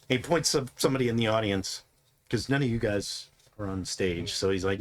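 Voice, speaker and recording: A man's voice: mid-range voice, animated, brisk, fairly bright tone. A man narrating as game master in a loose, rambling storytelling way.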